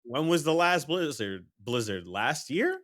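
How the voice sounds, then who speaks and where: A man co-hosting a podcast in relaxed casual chat, swearing and trailing off. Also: fairly high pitch, a little slow, no echo, studio quality. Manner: laid-back, profane, trails off. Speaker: podcast co-host.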